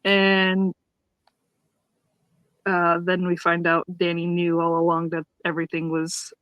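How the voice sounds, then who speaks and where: A woman's voice: lowish voice, monotone, measured pace, fairly bright tone, clean tone, no echo, highs cut off. A woman co-hosting a podcast, retelling a sitcom episode in casual chat, acting out the characters' lines and laughing often. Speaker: podcast co-host reviewing a sitcom.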